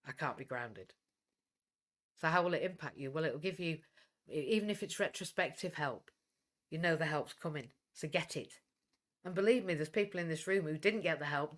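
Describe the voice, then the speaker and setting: A woman's voice: deep voice, a bit bright. A blunt, outspoken woman with a Welsh English accent who runs a coaching business, giving a livestream talk and swearing when she gets fired up.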